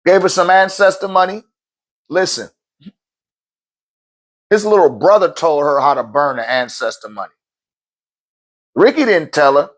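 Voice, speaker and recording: A man with a notably high-pitched speaking voice gives a loose, emphatic motivational talk as a spiritual teacher. He curses freely, laughs between points and stumbles over repeated words as he restarts his sentences. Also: animated, a little slow, long pauses, a bit bright. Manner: profane, emphatic, laughs often. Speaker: spiritual teacher and event host.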